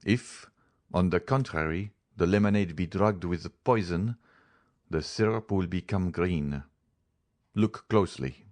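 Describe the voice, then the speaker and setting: A grave male doctor speaks in a low, steady voice, laying out his case with measured insistence, as a male narrator reads him. The voice stays close to the reader's own, deep and unhurried. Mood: grave, insistent. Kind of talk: audiobook character voice.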